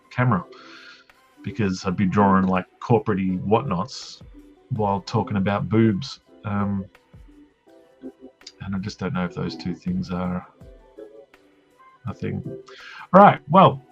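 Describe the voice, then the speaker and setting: An Australian man chats casually on a live drawing stream, spinning rambling, self-deprecating stories. His voice sits low with a gravelly edge. The audio is dull and lo-fi, with faint music underneath. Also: little pitch movement, measured pace, long pauses. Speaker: streamer host drawing comics.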